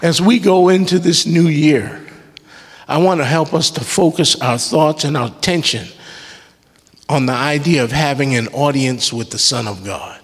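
Long reverb from the church hall surrounds a worship leader's sermon in the sanctuary. He speaks a little high and husky at normal speed, pressing his points emphatically with call-and-response and relaxed joking asides.

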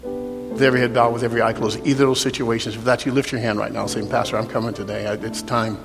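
Pastor, male, impassioned preaching that swells loud then sinks to near-whisper prayer, big church hall, soft music underneath. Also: mid-range voice, little pitch movement, fast talker, gravelly. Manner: swings from shouted preaching to hushed altar-call prayer. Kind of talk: sermon. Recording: long hall reverb, soft music behind.

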